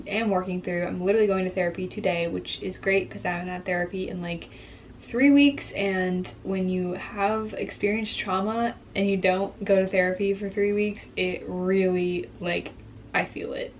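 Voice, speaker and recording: A woman's voice: mid-range voice, a little hiss or hum. A woman in her twenties telling a personal story in a candid vlog, reflective and openly emotional. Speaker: vlogger.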